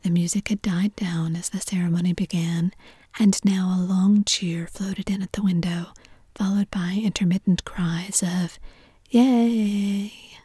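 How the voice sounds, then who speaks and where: A woman reading a novel aloud in a soft, even whisper, a whispered role-play with a close mic. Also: fairly low pitch, normal speed, slightly rough, no room sound. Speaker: reader.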